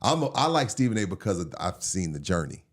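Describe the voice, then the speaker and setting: Man, very deep voice, fast talker, blunt, swears freely. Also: big pitch swings. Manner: blunt, swearing, quick banter. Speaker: podcast co-host. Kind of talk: casual podcast chat.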